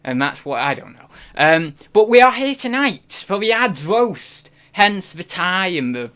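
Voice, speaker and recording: A man's voice: high voice, sing-song, a little slow, bright, forceful tone, smooth. A man hosting a live stream, chatting casually in a rambling, self-deprecating way. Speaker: reselling streamer host.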